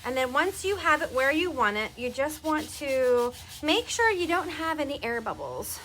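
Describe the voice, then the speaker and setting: A woman's voice: high voice, sing-song, moderate pace, fairly bright tone, slight background noise. A woman in her thirties giving a chatty live craft demonstration, talking to her viewers as she works. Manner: chatty, laughs often, talks to viewers by name.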